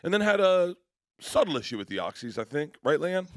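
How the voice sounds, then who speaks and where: A comedian telling rambling anecdotes in a radio interview, acting out other people's voices and laughing along. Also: male voice, on the high side, big pitch swings, fairly quick, no echo, studio quality. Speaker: comedian guest.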